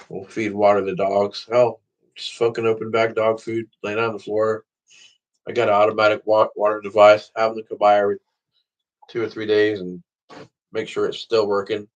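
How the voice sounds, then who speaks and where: A man talking straight to the camera in a casual vlog, rambling and swearing freely. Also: fairly low pitch. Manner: profane, rambling talk to camera. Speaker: vlogger.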